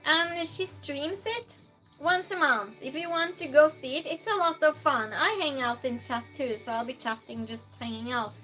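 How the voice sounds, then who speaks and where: A woman's voice: high voice, normal speed, sharp tone, soft background music. A woman hosting a live-stream game night, chatting casually, reading chat aloud and playfully scolding and thanking donors.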